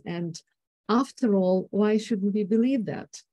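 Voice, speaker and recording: A woman's voice: mid-range voice, slow, mellow, dry recording. A woman with a Ukrainian accent, a native Ukrainian speaker, giving an academic conference talk on the intonation of political speeches, hesitant with many fillers and restarts.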